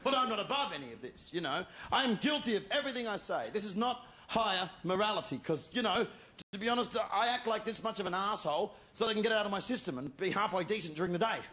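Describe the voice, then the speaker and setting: A man doing a live stand-up routine on stage before an audience, ranting crudely and provocatively, often shouting. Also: high voice, lively intonation, quick pace. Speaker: stand-up comedian. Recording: roomy live venue with room noise.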